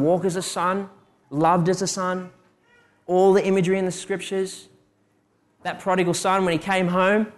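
Man preaching with personal stories. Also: fairly high pitch. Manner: personal, storytelling, rhetorical questions. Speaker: preacher giving a testimony. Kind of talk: sermon.

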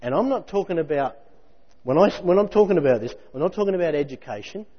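A man preaching a sermon in a lively, conversational way with jokey asides. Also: on the high side, fast talker, slightly rough. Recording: muffled hall recording with long reverb.

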